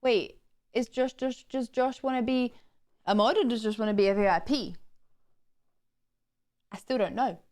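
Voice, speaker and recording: A woman's voice: on the high side, moderate pace, long pauses, darkish tone. Chatty young woman streamer. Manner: chatty, answers chat questions, laughs often. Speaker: livestream host. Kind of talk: casual chat with viewers.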